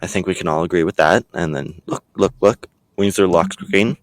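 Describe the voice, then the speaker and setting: A man's voice: low-pitched, moderate pace, low-quality recording. A young man in a comedic vlog sketch who rambles and hesitates, filling his talk with ums. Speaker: vlogger.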